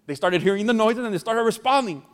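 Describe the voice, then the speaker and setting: A pastor with a high voice, lively intonation and quick pace gives a sermon in a church hall. Jokey and conversational with the congregation, he tells a story, and the recording carries a long hall reverb.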